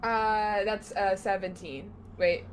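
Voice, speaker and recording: A woman playing a tabletop game, excitable and laughing, with hesitant restarts. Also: medium pitch, takes it slowly, background noise. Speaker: player.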